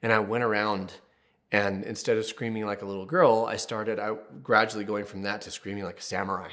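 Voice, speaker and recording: A man's voice: lowish voice, level tone, fairly quick, a bit bright. Casual, joking male therapist. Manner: casual and candid, jokey asides, tells personal stories. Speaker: therapist, channel host. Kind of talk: advice video talking to camera.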